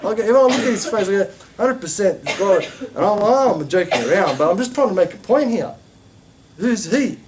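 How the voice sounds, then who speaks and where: A man teaching a religious class, talking in an animated way with many rhetorical questions and emphatic repetition. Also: sits high, a little fast, background noise. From Australia.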